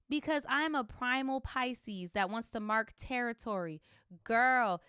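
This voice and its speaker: A woman's voice: on the high side, lively intonation, slow pace, a bit bright, clear, resonant tone, no room sound, studio quality. A young adult woman streaming, reading viewer stories aloud and reacting with sassy, slangy, profane commentary. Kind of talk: livestream story reading with commentary.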